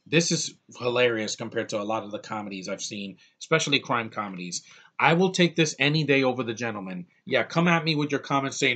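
Male movie reviewer, casual vlog delivery, excitable and gushing, trips over his words, middle-of-the-road pitch. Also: brisk. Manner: excitable, gushing, rambling with restarts.

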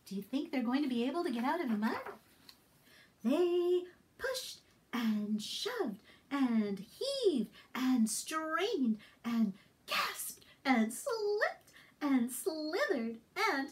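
A woman librarian reading a picture book aloud to toddlers, with an animated, sing-song delivery and questions to her young listeners. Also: high-pitched, takes it slowly. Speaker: children's librarian. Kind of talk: toddler storytime read-aloud.

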